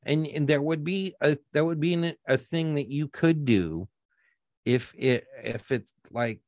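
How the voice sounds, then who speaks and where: A man's voice: a little high, a little slow, a little mellow, no room sound, studio quality. A man co-hosting a podcast, chatting casually about a movie in a rambling, sardonic way. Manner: rambling, self-interrupting, sardonic. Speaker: podcast co-host. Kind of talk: casual movie review chat.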